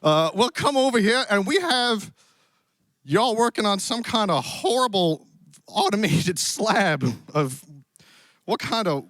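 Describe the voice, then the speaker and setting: A man's voice: high-pitched, lively intonation, slow, fairly bright tone, no echo, full character voice. A man playing a hammy Old West cowboy host with a put-on Western drawl, joking his way through a live stream on a handheld mic. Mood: playful. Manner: playful, jokey, theatrical. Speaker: event host. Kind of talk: live stream hosting in character. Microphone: handheld stick mic.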